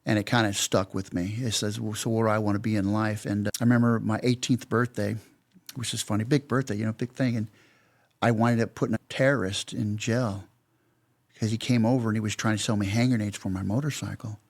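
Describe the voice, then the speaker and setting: La guy in his 50s, kinda gravelly, telling long rambly stories on a podcast. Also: fairly low pitch, fairly even intonation, brisk. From Los Angeles, California. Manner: rambling anecdotes retold with "I go, he goes" dialogue. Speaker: podcast guest, security company veteran. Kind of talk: casual storytelling interview.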